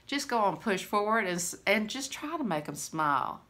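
A woman's voice: medium pitch, very animated, normal speed, pushed and bright. A woman, chatting to camera in a rambling, friendly way and laughing often. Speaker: vlogger. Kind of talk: casual chat to camera.

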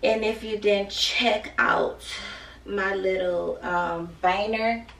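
A woman's voice: medium pitch, fairly even intonation, slow pace, vocal fry, a bit bright, echoey room, distant mic. A woman with a sore throat chatting playfully with her viewers as a beauty vlogger, teasing and joking as she goes. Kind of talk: casual chat to viewers.

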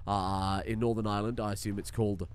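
A man's voice: fairly low pitch, level tone, fast talker, smooth. Rambling man streaming a game. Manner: rambling, jokey, swears freely. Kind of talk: casual gameplay commentary.

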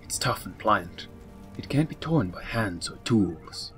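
A man doing comedic game commentary, narrating his own moves in a mock-formal way and dropping into whispered asides. He speaks slowly in a lowish voice. Faint game music plays underneath. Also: animated, a bit bright. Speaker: gaming YouTuber. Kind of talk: comedic let's play commentary.

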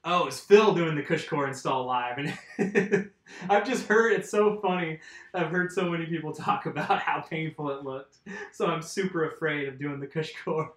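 Working on his bike during a live stream, this man talks at normal speed in a fairly high, bright voice. The mountain bike vlogger rambles along, responding to viewer comments, with a roomy echo around him.

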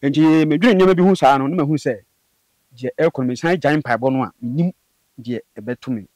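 A man recounting a personal spiritual experience as an interview guest, in animated storytelling that jumps into high bursts. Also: brisk, no echo. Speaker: guest telling his story. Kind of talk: personal testimony in conversation.

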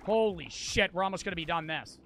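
A young man with an American accent, streaming a game live and talking to his chat, profane and quick to get frustrated. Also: sits high, expressive, a bit bright, slight background noise. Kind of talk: casual livestream gameplay chat.

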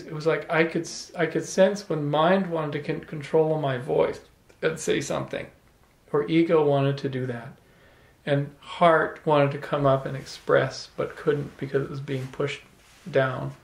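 A man's voice: a little high, steady tone, unhurried, creaky, reverberant. A man telling a personal story to a small audience, reflective, with restarts and repeated words. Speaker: speaker at a salon talk. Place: room with a small live audience.

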